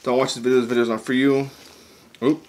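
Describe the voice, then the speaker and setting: A man hosting a mukbang, chatting excitedly to viewers while eating. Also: medium pitch, quick pace. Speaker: mukbang host. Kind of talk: casual eating vlog.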